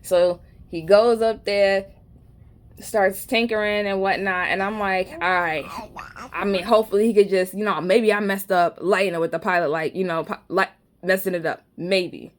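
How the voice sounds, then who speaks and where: A woman's voice: medium pitch, steady tone, normal speed. A woman with a New York accent telling a rambling, slangy, joking story in a casual vlog. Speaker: vlogger.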